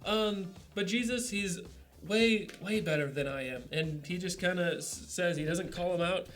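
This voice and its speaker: A man talks through a devotional in an easy, rambling way, peppering his sentences with "like" and "kinda." His voice sits a little higher than most men's. Soft instrumental music plays faintly underneath. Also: normal speed. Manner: relaxed, rambling, full of "like" and "kinda". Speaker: devotional leader. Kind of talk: casual devotional teaching.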